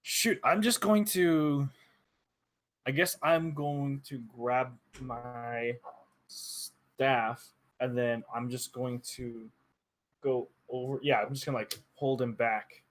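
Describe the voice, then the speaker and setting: A man's voice: medium pitch, steady tone, slow. Unsure young-sounding tabletop player man. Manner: unsure, thinking aloud. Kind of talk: casual tabletop play.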